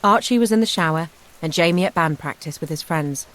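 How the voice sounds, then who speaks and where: A woman narrating a first-person memoir audiobook in an even, measured storytelling manner. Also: fairly low pitch.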